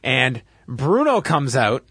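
Husky Canadian man recapping, dry mic. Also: mid-range voice, takes it slowly, no room sound. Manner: animated storyteller who laughs while recapping. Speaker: podcast host. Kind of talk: casual recap chat.

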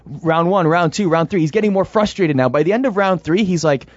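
A man co-hosts a podcast and tells wry, laughing anecdotes in casual chat. His voice sits a bit high. The sound is dry and muffled, with a lo-fi quality. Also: fairly quick, dry recording. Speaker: podcast co-host.

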